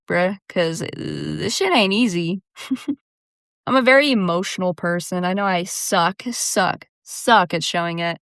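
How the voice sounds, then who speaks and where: A woman's voice: fairly low pitch, a bit bright, clear, resonant tone, dry recording, studio quality. A young woman hosting her own podcast, talking casually on her own, laughing often and peppering her speech with "dude" and "like.". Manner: chatty, laughs often, says "dude" and "like" a lot. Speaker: podcast host. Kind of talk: casual solo monologue.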